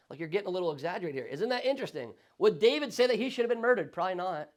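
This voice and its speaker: A male pastor teaching a Sunday school Bible study in a conversational, animated way, often checking in with the class. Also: high voice, very fast. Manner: conversational, animated, frequent tag questions.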